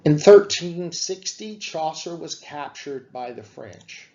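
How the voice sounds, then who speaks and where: A man giving a classroom lecture on literature, explaining slowly with frequent fillers. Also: fairly high pitch, animated, mellow, lo-fi sound.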